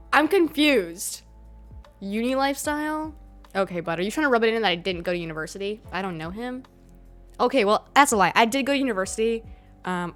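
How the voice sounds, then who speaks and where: A woman's voice: medium pitch, fairly bright tone. A young American woman streaming, chatting casually with her live chat, laughing often and swearing freely.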